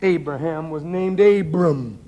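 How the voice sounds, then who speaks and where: A man's voice: on the high side, measured pace, dark tone. A middle-aged man who is a minister preaches a sermon in a conversational, dramatic and emphatic way. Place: lecture hall.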